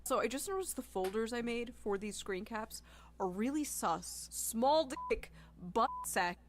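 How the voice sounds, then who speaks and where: A woman's voice: fairly high pitch, lively intonation, unhurried, a little hiss or hum. A woman narrating a video, sarcastically commenting on screenshots of messages.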